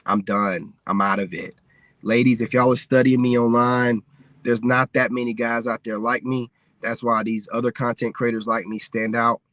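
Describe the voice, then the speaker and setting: A man's voice: medium pitch, flat delivery, normal speed, a bit bright, no room sound, studio quality. An American man ranting candidly on a livestream, rambling and peppering his talk with "man" and "you know what I'm saying.". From United States. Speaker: livestreaming content creator. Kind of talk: casual livestream rant.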